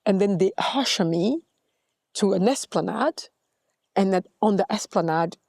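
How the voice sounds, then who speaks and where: A woman's voice: mid-range voice, expressive, measured pace, gravelly, darkish tone, no room sound, clean studio sound. A middle-aged woman, a guest in an interview, telling her story with animation and acting out the voices in it. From Congo.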